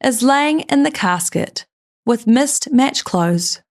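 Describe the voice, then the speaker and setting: A woman narrates a true-crime case on a chatty podcast, leaning into the drama of each turn. Her voice sits high and bright, and she moves the story along briskly. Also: expressive.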